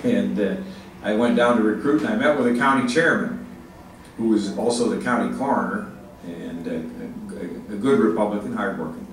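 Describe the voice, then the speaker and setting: An older man giving a speech to an audience, halting with many fillers and restarts, speaking with emphasis. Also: on the low side. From Ohio, United States. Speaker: state legislative leader giving a speech. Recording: echoey hall, mic far off, faint noise.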